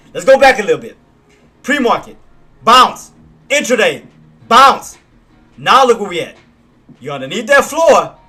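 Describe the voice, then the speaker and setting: A man hosting a live trading stream, hyped and slangy, shouting and laughing between chart calls. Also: high-pitched, husky.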